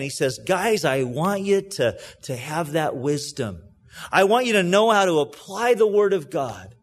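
A man preaching a sermon as a pastor, explaining scripture earnestly and emphatically, pressing some words loudly and dropping others to a hush. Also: high voice. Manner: earnest, emphatic, swings between loud stresses and hushed asides; explains and reads scripture aloud to a congregation.

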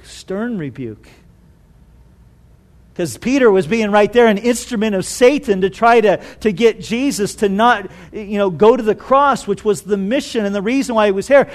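A man preaching a sermon, telling stories with animated delivery and rhetorical questions. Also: very high-pitched. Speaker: pastor.

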